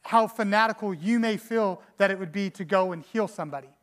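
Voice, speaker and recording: A man's voice: sits high, a little fast, fairly bright tone. A man preaching a sermon in an earnest, searching way, often restarting and repeating words and acting out quotes. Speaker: pastor.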